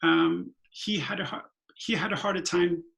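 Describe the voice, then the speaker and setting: A man's voice: sits high, moderate pace, fairly bright tone, low-quality recording. A man from Sweden whose first language is Swedish, speaking thoughtfully on a virtual panel over a video call, often restarting and filling with "like" and "um".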